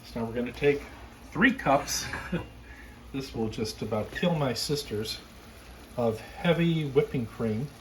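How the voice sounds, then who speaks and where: A man hosting a casual cooking demonstration, explaining each step in a relaxed, chatty way from his home kitchen. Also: mid-range voice, measured pace, long pauses, slight background noise, rough recording. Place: backyard garden, then home kitchen.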